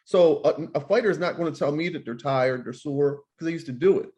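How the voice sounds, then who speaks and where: A man's voice: on the high side, fairly quick, a little mellow. A man who trains and manages boxers, talking in a casual interview, emphatic and often repeating himself as he restarts sentences.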